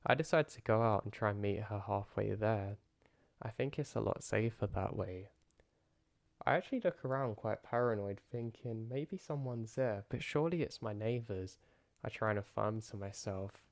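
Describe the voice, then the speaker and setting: A man calmly narrating a first-person horror story in a low-key way. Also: normal speed, creaky, no echo. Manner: calm, low-key retelling.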